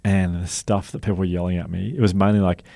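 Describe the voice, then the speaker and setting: A middle-aged Australian man, a podcast guest, telling animated stories and acting out the quoted voices. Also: fast, gravelly, no room sound, studio quality. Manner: animated, acts out quoted voices loudly and high. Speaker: guest, author and speaker. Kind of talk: casual storytelling chat.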